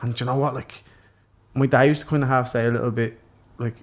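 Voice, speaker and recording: Fast-talking young Irish man. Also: medium pitch, fairly even intonation. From Ireland. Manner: rapid, swearing storyteller full of fillers. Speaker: guest, professional boxer. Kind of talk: casual podcast chat.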